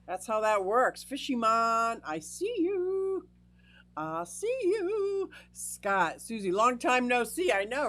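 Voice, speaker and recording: A woman's voice: mid-range voice, fairly bright tone. A middle-aged woman hosts a casual livestream from a home fish room full of aquarium tanks. She is bubbly and chatty as she greets viewers one by one. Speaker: livestream host. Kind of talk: casual livestream chat, reading out viewers' names.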